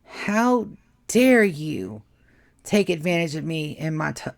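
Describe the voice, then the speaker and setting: A woman's voice: low-pitched, sing-song, slow, vocal fry, heavily acted. A woman voicing a cursing vampire man. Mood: enraged. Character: vicious male vampire companion, furious and proud.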